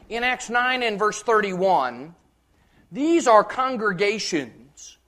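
A man preaching slowly and deliberately, letting each phrase land before the next. He reads scripture aloud with verse references, then drives his points home in loud, repeated declarations. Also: sits high. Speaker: pastor. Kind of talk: sermon.

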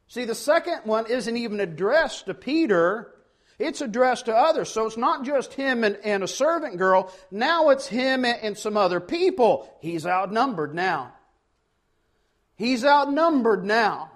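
A man's voice: high voice, expressive, unhurried. A man preaching a sermon, acting out the quoted dialogue dramatically. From not from Ohio; lives in Ohio.

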